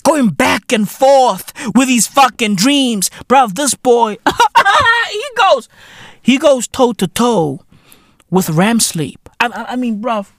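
A man hosting a podcast, telling a comedic story in slang, full of swearing, shouts and sound effects. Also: very high-pitched, slow, no echo, studio quality. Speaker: podcast host. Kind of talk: casual comedic monologue.

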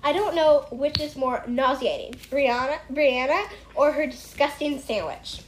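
A woman's voice: high voice, unhurried, a little hiss or hum, low-quality recording. A young female reader, likely a teen, eagerly reading a funny diary-style book aloud at home.

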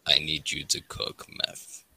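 Man impersonating a gruff middle-aged chemist, low, urgent and heard from a bit off the mic. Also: a little slow, bright, forceful tone, a little hiss or hum.

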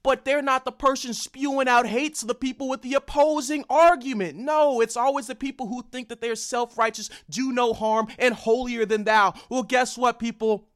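A young man giving an angry, heated ranting commentary on combat sports, loud and repetitive. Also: very high-pitched, steady tone, moderate pace, hardly any pauses.

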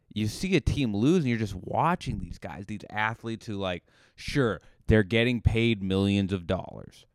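Male podcast host, comic rambling monologue, clear low voice, dry close recording. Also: no echo. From Cape Cod, Massachusetts. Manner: joking, rambling, self-deprecating. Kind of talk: comedic monologue.

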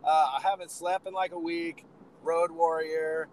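A hoarse man with a raspy, worn-out throat, rambling and joking in relaxed podcast chat. His voice sits a bit high, and a faint hum of car and road noise runs behind him. He keeps it upbeat despite sounding run down. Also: a little slow, rough recording. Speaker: podcast co-host. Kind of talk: casual chat on a phone call from the road. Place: inside a moving car.

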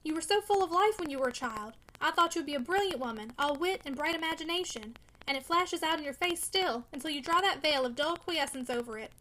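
A brooding young man, bitter and earnest, pressing his case with vehemence in a storybook reading, as a woman reads him. The voice sits high and bright and moves along at a quick clip. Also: expressive, full character voice, low-quality recording. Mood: vehement. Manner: vehement, pleading.

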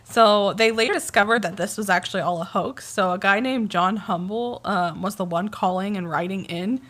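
Woman, podcast co-host, casual true-crime chat, bright tone, giggly, filler-heavy. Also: medium pitch, normal speed. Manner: chatty, giggly, lots of fillers.

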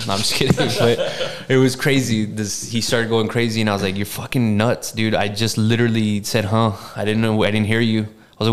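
A young man co-hosting a podcast, telling loose stories in casual chat, swearing freely with flat deadpan asides. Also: fairly low pitch, brisk, hardly any pauses. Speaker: podcast co-host.

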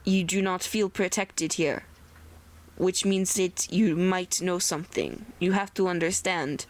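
A woman voicing a pushy male cultist adventurer in a tabletop game, talking in a slow, probing way. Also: lowish voice, steady tone, natural voice. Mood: pressing. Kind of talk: tabletop role-play.

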